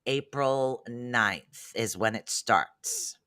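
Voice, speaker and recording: A man hosts a casual livestream chat, rambling chattily and easily wandering off topic. His medium-pitched voice is very slow, sharp, clear and resonant, recorded dry.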